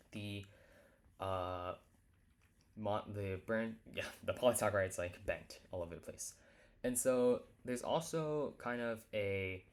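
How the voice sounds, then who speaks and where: Deep-voiced man giving a halting lecture. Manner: halting, full of fillers and self-corrections. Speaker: teacher. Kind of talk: casual lecture.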